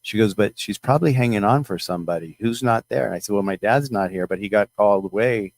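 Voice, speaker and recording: A middle-aged man with a fairly low voice shares a personal story with his viewers. He rambles and restarts often. The sound is dry and close. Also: no room sound. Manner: rambling, halting, emotional retelling with many restarts. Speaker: channel host.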